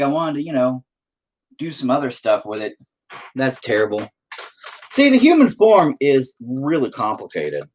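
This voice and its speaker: A man talking to himself while painting, casual, profane and self-mocking, rambling and frustrated as he thinks aloud. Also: medium pitch. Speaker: painting vlogger.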